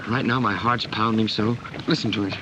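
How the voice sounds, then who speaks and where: A bold, smooth-talking young suitor, earnest and persuasive, played by an actor. His voice sits fairly low. It comes through a hissy old 1930s film soundtrack. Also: fairly even intonation, a little fast, natural voice. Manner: earnest, persuasive romantic talk.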